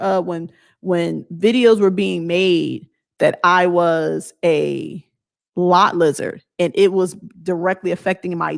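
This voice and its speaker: A woman's voice: fairly low pitch, gravelly. A woman vlogger giving a blunt, emphatic motivational talk in a casual way.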